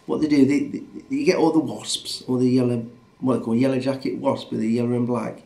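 A middle-aged man with a Northern English accent chats away in a loose, rambling vlog, blunt and quick to swear. His voice sits at an ordinary middle pitch. Faint ambient noise hums behind him. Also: fairly even intonation, gravelly, warm tone. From Northern England. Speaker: vlogger. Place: rural home in a small town.

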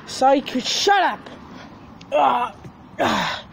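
A grumpy, sulky toy groom, played by a woman, groaning and brushing people off. The voice is pitched high but pulled lower than her narrating tone, with slow, dragging delivery and a faint hiss behind it. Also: lively intonation, vocal fry, full character voice.

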